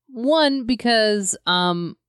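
Giggly woman podcaster, smooth dry voice. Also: fairly high pitch, lively intonation, drawn-out words, no room sound. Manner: giggly, rambling, self-mocking. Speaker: podcast co-host. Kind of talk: casual chat. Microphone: compact podcast mic.

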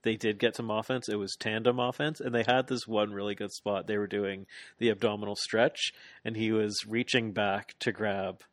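Low guy rambling thru a wrestling recap, super dry sound. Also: normal speed, no echo. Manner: rambling, animated play-by-play with lots of fillers. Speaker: podcast co-host. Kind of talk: casual chat recapping a wrestling match.

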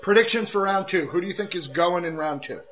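A man's voice: sits high, fairly quick, fairly bright tone, poor audio. A young man hosting a casual podcast chat while watching wrestling, joking and playful. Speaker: podcast host.

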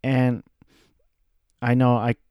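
A man in his thirties talking casually about his life, rambling and self-deprecating, with halting restarts. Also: medium pitch, monotone, darkish tone, smooth, no room sound, clean studio sound. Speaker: aspiring voice actor. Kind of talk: casual personal monologue.

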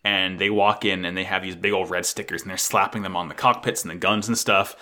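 A man's voice: low-pitched, steady tone, fairly quick, bright, forceful tone. A man co-hosting a casual podcast chat about an anime episode, sarcastic and full of profanity. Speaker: podcast co-host.

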